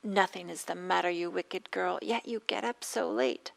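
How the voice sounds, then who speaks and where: A woman's voice: on the low side, fairly even intonation, moderate pace, gravelly. A woman voicing an irritated mistress who scolds her maid in an exasperated tone, as part of a dharma talk. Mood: scolding.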